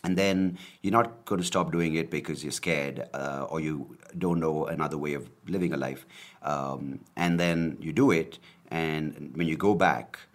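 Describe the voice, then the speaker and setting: Comedian-host type: a man with a very low, deep voice doing a loose solo podcast rant, sweary and self-mocking. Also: measured pace. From India. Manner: rambling, profane, joking, self-deprecating. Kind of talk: casual solo podcast monologue.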